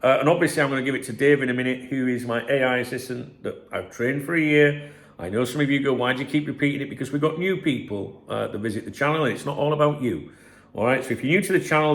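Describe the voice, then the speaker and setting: A man's voice: medium pitch, gravelly. A man hosting a football channel, talking casually and mocking press claims in a rambling, sarcastic way. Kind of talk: casual commentary to camera.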